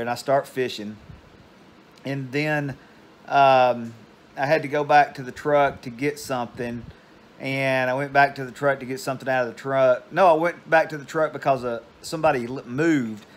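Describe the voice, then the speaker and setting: An older man, casually telling a meandering story at home. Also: mid-range voice. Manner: meandering, digressive. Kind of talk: casual rambling anecdote.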